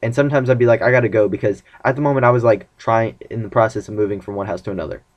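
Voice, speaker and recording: A man's voice: on the low side, fairly even intonation, racing, lo-fi sound. A young man casually telling rambling, self-mocking stories about his dating life in a vlog. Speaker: vlogger.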